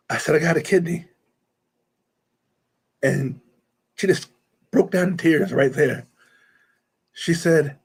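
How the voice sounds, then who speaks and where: A man's voice: on the high side, moderate pace, long pauses, slightly rough. A man as a guest, telling an emotional personal story and retelling conversations in quoted speech, choked up at times.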